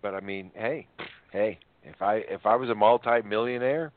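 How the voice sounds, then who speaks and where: A man's voice: on the low side, normal speed. A man in casual radio chat, blunt and opinionated, often restarting his sentences. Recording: dry tinny phone-line audio.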